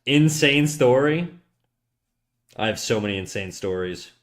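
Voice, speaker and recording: A young Canadian man with a Canadian accent chats casually while drawing on stream, his mid-range voice animated and measured in pace. He rambles, jokes, and swears freely, spinning stories as he goes.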